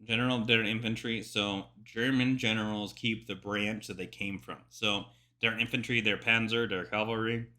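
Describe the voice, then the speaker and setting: A man's voice: fairly low pitch, moderate pace. A man casually reacting to a history documentary, explaining with frequent swearing and side remarks. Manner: profane, animated, digressive explainer. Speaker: military history reaction host.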